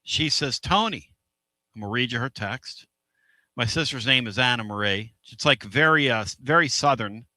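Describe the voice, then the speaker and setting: A man hosting a sports radio show, energetic and rambling, laughing often between stories. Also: medium pitch, normal speed, no room sound. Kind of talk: excitable sports radio chat.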